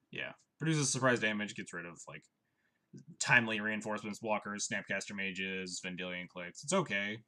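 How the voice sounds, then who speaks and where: A young man talks through his card game on stream, his low voice carrying a bright, forceful edge. His pitch swings in a lively way as he muses and grumbles wryly about each play. Mouse clicks tick in the background. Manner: chatty, wry, thinks aloud. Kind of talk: casual live-stream commentary.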